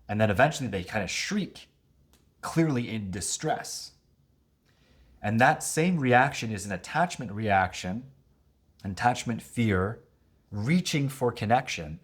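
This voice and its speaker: A middle-aged man explaining relationship conflict as a coach, lively and expressive, often acting out what partners say. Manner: animated, acts out quoted voices with big pitch jumps. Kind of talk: teaching talk to camera.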